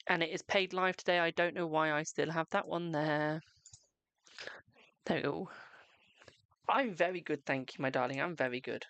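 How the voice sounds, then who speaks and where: A man's voice: on the high side, fairly even intonation, normal speed, creaky, long pauses, a bit bright, no echo. Chatty man reading tarot live. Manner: chatty, affectionate, calls viewers darling and boo. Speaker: tarot reader hosting a live stream. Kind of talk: casual live-stream chat with viewers.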